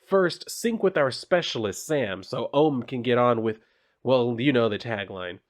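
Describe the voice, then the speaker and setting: A man reading aloud as a condescending male company chief from a comic, drawling his lines in a slow, patronizing way. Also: mid-range voice, expressive, lightly acted. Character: smug male corporate boss, condescending.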